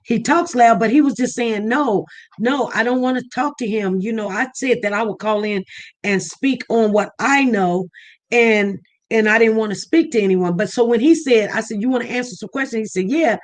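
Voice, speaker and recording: A woman hosting a casual live-stream chat, talking freely and animated. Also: fairly high pitch.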